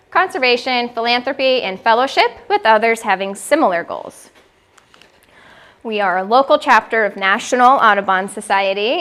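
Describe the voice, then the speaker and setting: A woman with a slightly high voice gives an informal talk on birding in a gallery room. She is friendly and chatty, and she sometimes mimics bird calls for her listeners. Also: fairly bright tone. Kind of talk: informal presentation to a small audience.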